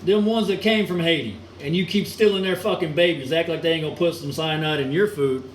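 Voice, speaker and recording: Guy going off on a profane rambling rant, kinda high voice, echoey room w/ faint ac hum. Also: fairly quick. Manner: crude, mocking, rambling, chuckles often. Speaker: solo ranting vlogger.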